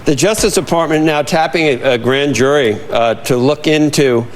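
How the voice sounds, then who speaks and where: A man's voice: a little high, moderate pace. A man interviewing on television, hesitant and stammering through his questions.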